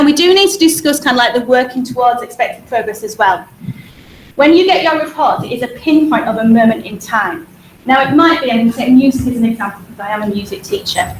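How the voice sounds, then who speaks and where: A woman with a Hull accent, a music teacher talking quickly and energetically to parents at a school information evening. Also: on the high side, a little hiss or hum. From Hull, England. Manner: fast-talking, energetic, repeats words for emphasis. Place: school hall. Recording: echoey hall.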